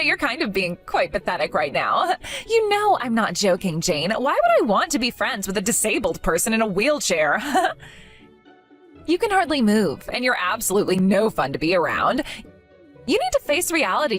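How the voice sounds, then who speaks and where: A woman's voice: mid-range voice, fairly bright tone. A woman voicing a cruel, scheming young woman who talks down to a friend in a scripted drama, with a condescending, sneering manner.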